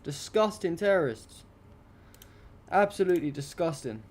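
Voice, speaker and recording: A man's voice: fairly high pitch, expressive, moderate pace, darkish tone. A young adult man hosting a live stream, commenting on news pictures in an indignant, rambling, heavily profane way.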